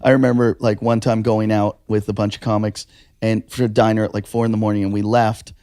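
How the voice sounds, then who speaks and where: Fields: Sex: man. Role: podcast co-host. Style: animated storytelling. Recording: dry, close mic. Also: lowish voice, a little fast, clean tone, no room sound. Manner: animated, swearing, acts out quotes. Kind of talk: casual chat, storytelling.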